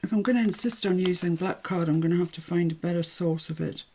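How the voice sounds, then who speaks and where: An English woman runs a live crafting demonstration, talking through each step in a chatty, self-deprecating way. Her voice sits a little low with a soft breathy edge. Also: fast talker. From England. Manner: chatty, self-deprecating, thinks aloud while working. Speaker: craft tutorial host.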